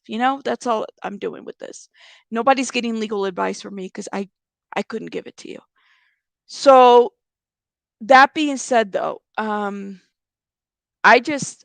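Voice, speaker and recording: Blunt rambling woman with gravelly voice. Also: fairly high pitch, a bit bright, no echo. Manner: rambling, blunt, swears freely, frequent restarts. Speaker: YouTube commentary host. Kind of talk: casual commentary.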